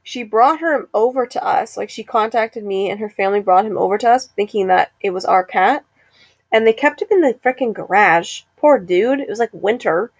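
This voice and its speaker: A young woman in easy, playful conversation, laughing often as she tells stories. Her voice sits at a middling pitch and sounds close and dry, with no room around it. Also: normal speed, husky, no echo. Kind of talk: casual chat.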